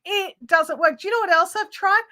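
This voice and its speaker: A woman's voice: very high voice, brisk, sharp tone. A woman hosting a craft livestream from home, telling an exasperated story in casual chat and mimicking the people she quotes. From Australia.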